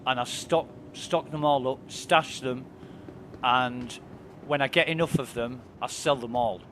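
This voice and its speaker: A man's voice: medium pitch, steady tone, unhurried, a bit bright, slight background noise. A man chatting casually and enthusiastically while streaming a game, swearing freely. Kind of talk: casual chat while gaming.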